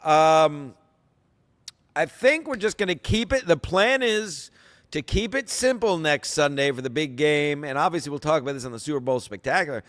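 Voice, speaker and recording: A male podcast host who rambles in casual chat, sarcastic and often profane. His voice sits a little high for a man, and a long reverb trails behind it. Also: expressive, moderate pace, a bit bright.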